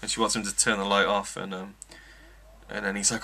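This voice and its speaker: A man's voice: on the low side, level tone, fairly quick, gravelly, bright, forceful tone. A man giving an enthusiastic, rambling wrestling review, full of ums. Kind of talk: casual review monologue.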